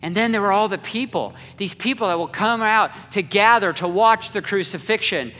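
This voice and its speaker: A man preaching a dramatic sermon as a story, slow and swinging between loud cries and hushed near-whispers. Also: high-pitched. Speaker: pastor. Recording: echoey hall with long reverb.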